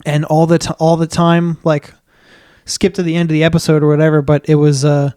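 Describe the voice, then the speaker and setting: A male podcast co-host with a slightly higher voice, chatting casually and telling stories with a loose, rambling flow. The sound is dry and close-miked. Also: monotone, fairly quick, dark tone, smooth, no room sound. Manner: rambling storytelling with fillers and restarts. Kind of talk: casual chat.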